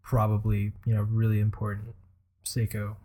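A man's voice: fairly low pitch, monotone, normal speed, warm tone. Brief: young male co-host, easygoing, hesitant, peppered with uhs and laughter. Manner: hesitant, laughs often, many "uh"s. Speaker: podcast co-host. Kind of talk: casual chat.

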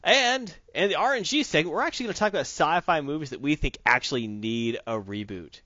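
A man's voice: a little high, animated, a little fast, sharp tone, no echo, muffled recording. A man co-hosting a casual podcast, joking and laughing often as he riffs on comics and movies. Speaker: podcast co-host.

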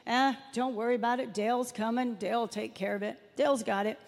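A woman's voice: fairly high pitch, steady tone, fairly quick, in a large hall, natural voice. A woman doing an offhand, unbothered woman. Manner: offhand, dismissive.

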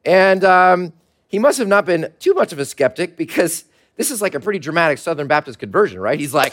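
A man, a pastor, preaching a sermon to his congregation in a relaxed, conversational way with light laughter. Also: high voice, fast. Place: church service held in a mall.

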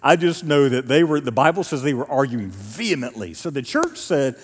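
A male pastor preaching a sermon, telling the story with animated delivery and acting out quotes. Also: mid-range voice, moderate pace, husky. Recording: reverberant church hall.

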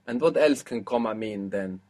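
A man's voice: fairly low pitch, moderate pace, a little mellow. A man teaching a language lesson, explaining step by step and prompting his student.

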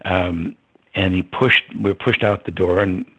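An older man tells a long personal story to an interviewer. His voice sits low and slightly husky, and he muses aloud with ums and soft chuckles. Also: fairly even intonation, a little slow, highs cut off. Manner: reflective, chuckling, with fillers. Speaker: interview guest.

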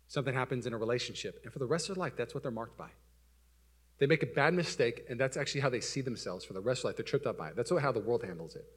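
A young adult man, a pastor, delivers a sermon as self-mocking storytelling, swinging between loud excitement and soft, low asides. His voice has a breathy edge.

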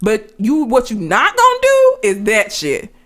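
A woman chatting casually with a bright, lively voice that swoops up and down. She tells stories in an animated, profane way and laughs often. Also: fairly high pitch, measured pace. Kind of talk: casual chat.

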